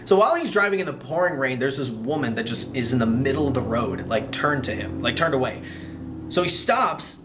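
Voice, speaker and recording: A man recapping a horror movie in a casual, animated way, full of sarcastic asides. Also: medium pitch, a little fast, noisy background. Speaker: film reviewer.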